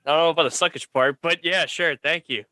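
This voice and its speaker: A man's voice: fairly high pitch, fast, sharp tone, no echo. A man guesting on a podcast in casual chat, easygoing and hedging his opinions.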